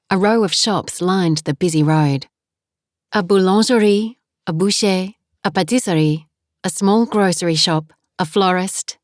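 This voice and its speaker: A woman narrating a romance audiobook in a calm, measured reading. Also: on the low side, no echo. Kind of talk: scripted narration. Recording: dry close studio voice.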